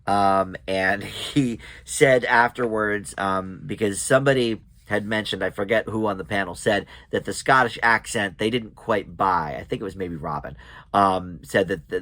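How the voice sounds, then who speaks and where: A man's voice: lowish voice, sharp tone, no room sound. A man chatting casually as he recaps and reviews a TV episode, with many ums and restarts.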